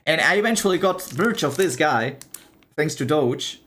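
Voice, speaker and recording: A young man chatting casually on a live stream, animated and chatty, swearing and laughing as he shows off items. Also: a little high, moderate pace.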